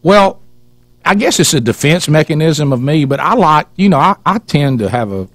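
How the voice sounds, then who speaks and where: A man's voice: fairly high pitch, expressive, moderate pace, fairly bright tone, no room sound. A man hosting a radio show, telling a long teasing story in a rambling way with many restarts, into a studio microphone. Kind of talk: casual storytelling chat.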